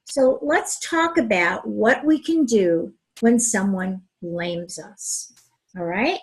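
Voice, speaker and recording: A woman co-hosting a relationship advice talk, speaking in a calm, gentle way. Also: mid-range voice, slow, breathy edge, poor audio. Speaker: relationship coach, co-host.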